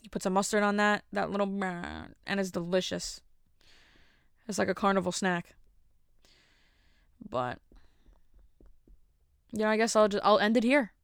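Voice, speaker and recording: A woman's voice: medium pitch, steady tone, unhurried, pauses often, smooth, no echo, studio quality. A woman hosting her own podcast, rambling in a casual, chatty, self-mocking solo monologue. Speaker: podcast host.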